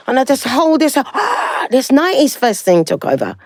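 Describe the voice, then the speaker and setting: A woman in her sixties with a London accent, a guest singer telling her story in a lively, animated way and acting out other people's voices. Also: high voice, moderate pace, hardly any pauses. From South London, England. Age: 60s. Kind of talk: casual interview chat.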